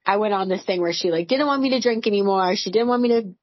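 Candid, husky-voiced woman in her forties. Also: mid-range voice, quick pace, no room sound, highs cut off. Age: 40s. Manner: candid, swearing, storytelling with lots of "like". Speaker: podcast co-host. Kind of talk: casual chat.

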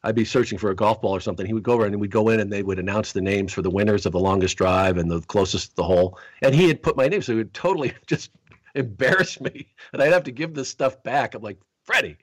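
A man's voice: on the low side, fast talker, no room sound. A man hosting a podcast, chatting and telling rambling stories with many restarts. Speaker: podcast host. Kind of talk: casual podcast chat.

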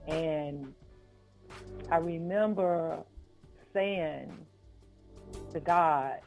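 A woman, an author and life coach, telling a personal story in a podcast interview, slow and earnest, repeating phrases for weight. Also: low voice, darkish tone. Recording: phone-like line with faint music.

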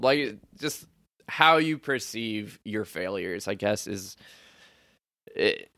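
A man's voice: lowish voice, animated, takes it slowly, long pauses, bright, forceful tone, no room sound. Easygoing young man, dry close sound. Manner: reflective, easygoing, playful voices. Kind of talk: casual chat.

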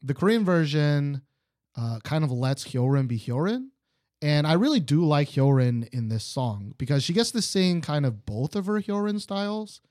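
A man's voice: on the high side, sing-song, normal speed, a little mellow, no room sound, studio quality. Rambling man reviewing a pop song. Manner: rambling, opinionated, frequent fillers. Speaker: podcast co-host. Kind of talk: casual music review chat.

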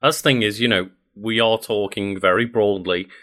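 Male co-host with a lowish, bright voice; curious, hedging casual chat. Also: fairly even intonation, normal speed. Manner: asks questions, hedges with "I mean". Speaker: podcast co-host.

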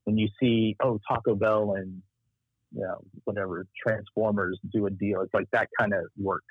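A man's voice: lowish voice, moderate pace, slightly rough, no echo. A man from Texas with a Texas accent, telling stories from his marketing career in a casual interview. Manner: animated storyteller, acts out quoted voices. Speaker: marketing strategist guest. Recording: tinny phone-like line.

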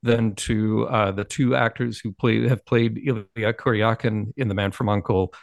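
A man joining a podcast chat who tells thoughtful anecdotes, often pausing and restarting his sentences. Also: lowish voice, steady tone, vocal fry, no echo, studio quality. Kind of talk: casual chat.

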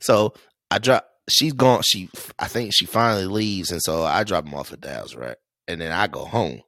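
A man telling a story on a casual podcast, profane and animated, acting out what friends said. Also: sits low, moderate pace, dry recording. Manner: animated, profane, laughing, acts out quotes. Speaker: podcast host.

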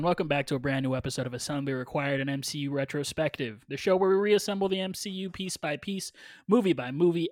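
A young man hosts a casual podcast with an upbeat, loose delivery full of fillers. His voice sits a little higher than usual and sounds close and dry, with no room around it. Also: no room sound. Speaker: podcast host.

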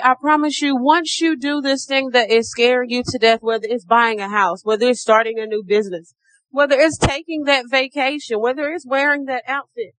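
Woman podcast host, middle-aged, AAVE, croaky tone, pitched a bit high, motivational and chatty. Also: dry recording. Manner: encouraging, calls listeners baby and sis; acts out her own thoughts in a higher voice. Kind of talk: casual motivational podcast talk.

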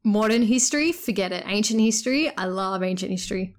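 A woman's voice: mid-range voice, lively intonation, brisk. A woman from Australia, co-hosting a casual podcast in an easygoing way and laughing often. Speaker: podcast co-host. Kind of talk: casual chat.

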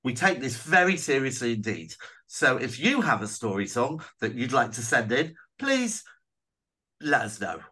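A man hosting a comedy podcast with a bright, ringing tone. His voice leaps up and down as he teases his co-host and laughs along. The talk is casual and playful. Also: medium pitch, moderate pace, breathy edge. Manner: animated, teasing, laughs often.

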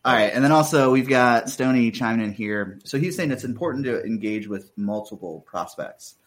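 A man's voice: medium pitch, animated, moderate pace. A man hosting a podcast in a casual chat, friendly and reading out chat comments. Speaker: podcast host.

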